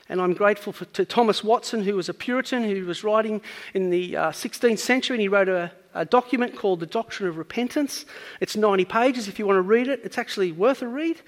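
A man's voice: sits high, a little fast, big-room sound. A man preaching a sermon, earnestly teaching and building up to emphatic points.

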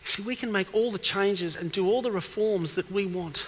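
A man's voice: high-pitched, moderate pace. A man preaching an evening sermon who asks questions and presses home his points with emphasis, recorded in a church hall with a long reverb. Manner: questioning, emphatic, rises in force.

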